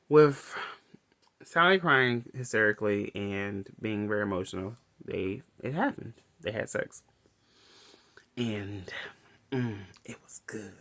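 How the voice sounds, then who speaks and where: Male reviewer, casual rambling recap, very lively pitch. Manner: rambling, restarts often, laughs between lines. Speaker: movie reviewer.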